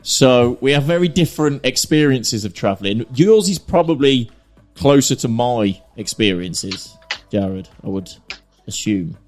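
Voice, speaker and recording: A man's voice: mid-range voice, expressive, a little slow, a little mellow, faint music behind. A man hosting a podcast, easygoing and teasing his co-host and guest in casual banter. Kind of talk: casual chat.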